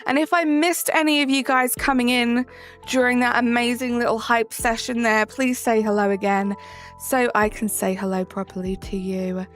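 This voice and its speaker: A woman's voice: a little high, a bit bright. A young English woman streaming live, chatting with viewers and greeting them by name, her sentences rising at the ends. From England. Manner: bubbly, greets chatters by name, sing-song rising endings. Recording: faint music behind. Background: faint background music.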